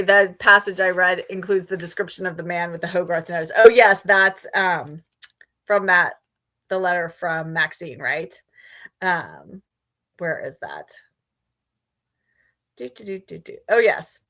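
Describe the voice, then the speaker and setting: Woman host, casual livestream chat, bright clear voice, loose and chatty with plenty of ums. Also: medium pitch. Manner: chatty, with frequent ums and laughs. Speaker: book streamer hosting a readalong.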